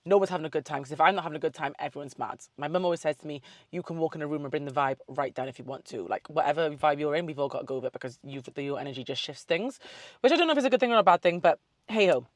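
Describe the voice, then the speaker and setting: A woman's voice: sits low, racing, dry recording, studio quality. A young woman, chatting casually to camera, swearing freely and wandering off on tangents. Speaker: vlogger. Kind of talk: casual chat.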